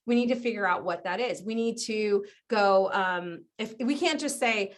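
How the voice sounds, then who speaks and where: A woman guest on a podcast interview, explaining ideas in an animated way, often laughing and acting out other people's voices. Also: mid-range voice, normal speed. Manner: animated, acts out quoted voices. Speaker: guest business strategist.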